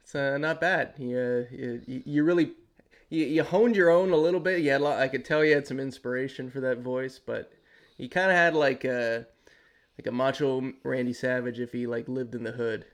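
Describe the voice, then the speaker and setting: A man's voice: medium pitch, normal speed. A man hosting a podcast in casual chat, teasing his co-host and often restarting his sentences.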